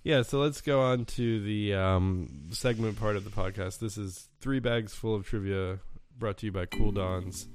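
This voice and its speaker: A man's voice: on the low side, a little slow, hardly any pauses, background noise. A man hosting a podcast, teasing his co-hosts and reading trivia questions out plainly. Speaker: podcast host, trivia quizmaster. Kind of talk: casual podcast chat. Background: guitar music.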